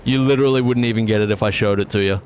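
A young man streaming a video game live, commenting in an excitable, jokey and self-mocking way. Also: on the low side, very fast, slight background noise.

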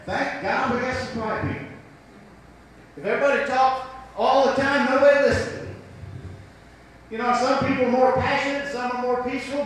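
High-voiced Southern preacher, echoey hall. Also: male voice, a bit bright, far from the mic, slight background noise. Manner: folksy, rhetorical questions. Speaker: pastor. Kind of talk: sermon.

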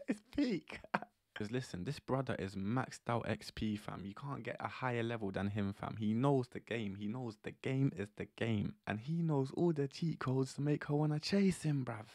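A young man giving dating advice as a vlogger, talking in a brash, animated, slangy way and laughing often. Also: mid-range voice, moderate pace, few pauses, no echo, studio quality. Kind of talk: casual slangy monologue.

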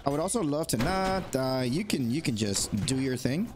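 A man playing a video game and commenting as he goes, excitable and talking to the game, with sudden high yelps when he panics. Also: moderate pace, few pauses, music in the background. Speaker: gaming YouTuber. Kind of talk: let's play commentary.

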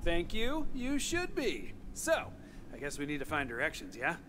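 A man's voice: a little high, wildly swooping pitch, normal speed, background noise. An actor voicing a wisecracking young male adventurer with an offhand, jokey delivery. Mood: joking. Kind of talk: video game voice acting.

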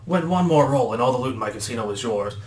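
A man voicing the booming, sly male devil who runs a casino, in a menacing, snickering manner. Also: lively intonation, quick pace, a little mellow, far from the mic, close to an everyday voice. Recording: roomy echo, faint background noise.

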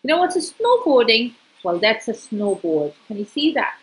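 A storyteller reads a picture book aloud to a young child, addressing the child directly and asking questions in a lively, sing-song manner. Her voice is fairly high and moderately paced, and the recording quality is low.

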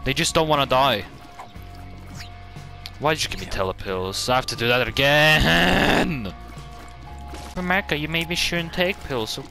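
A man hosting a gaming channel, giving excitable, jokey gameplay commentary full of swearing and sudden outbursts. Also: medium pitch, unhurried, vocal fry, pauses often, soft background music.

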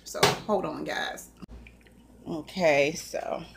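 A woman's voice: low-pitched, steady tone, extremely slow, creaky, very noisy. A woman chatting casually to viewers while she cooks breakfast in her home kitchen, folksy and talkative. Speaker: cooking vlogger. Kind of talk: casual cooking chat.

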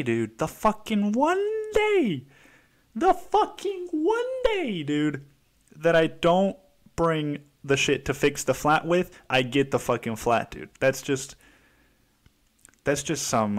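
A man hosting his own podcast, ranting in a casual, profane, rambling way. He leans on "dude" constantly and restarts his sentences in exasperation. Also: medium pitch. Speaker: podcast host. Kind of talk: casual solo podcast rant.

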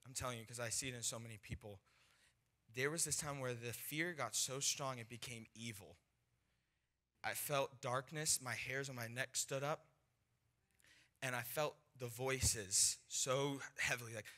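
A young man preaching, telling a personal testimony in an animated storytelling way and acting out the voices of people in his story. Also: medium pitch. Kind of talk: sermon testimony.

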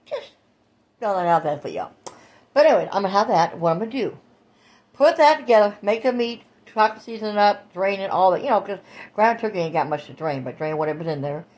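A woman's voice: mid-range voice, animated, brisk, darkish tone. A woman vlogger chatting casually to her viewers. She talks loosely, drawing out phrases and calling her audience baby and y'all.

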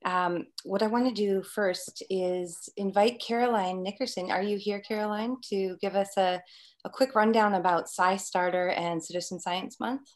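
A woman's voice: mid-range voice, fairly even intonation, normal speed. A woman moderating a live Q&A panel over a video call, upbeat and effusive, laughing easily as she introduces guests.

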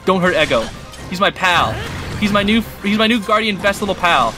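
A man hosting a gaming channel, giving excitable, chatty commentary while he plays and talks to the characters on screen. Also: sits high, a little fast. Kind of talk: casual gameplay commentary. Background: game music.

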